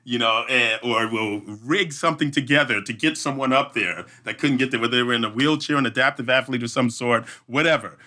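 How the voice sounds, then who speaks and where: Bright-voiced man telling a lively story. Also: mid-range voice, brisk, hardly any pauses. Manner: vivid storyteller who acts out voices and sound effects. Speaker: obstacle race emcee, podcast guest. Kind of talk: animated storytelling in a podcast interview.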